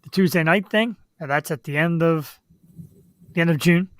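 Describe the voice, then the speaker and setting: A man co-hosting a live web talk show, upbeat and chatty, reading out viewer shout-outs and upcoming guests. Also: a little high, normal speed, no echo. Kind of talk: casual live-show chat and announcements.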